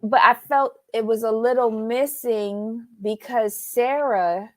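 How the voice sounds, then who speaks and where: A woman's voice: a little high, steady tone, slow, fairly bright tone, no echo. A woman co-hosting a casual recap chat, rambling with fillers and restarts as she goes through her takeaways. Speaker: podcast co-host.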